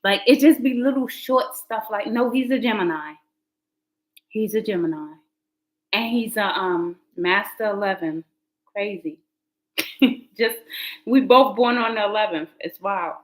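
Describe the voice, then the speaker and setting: A woman's voice: mid-range voice, a little slow, pauses often, poor audio. Chatty woman hosting a live tarot stream. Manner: chatty, laughing, animated asides to viewers. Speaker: livestream host, tarot reader. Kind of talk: casual live chat.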